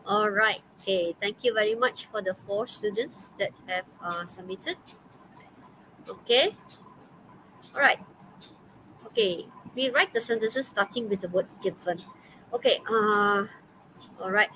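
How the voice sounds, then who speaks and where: A woman's voice: mid-range voice, a little slow, long pauses, bright, forceful tone, slight background noise, rough recording. A woman with a Malaysian English accent teaching an online English class, chatty and full of okays and fillers. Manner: chatty, many okays and fillers, laughs often.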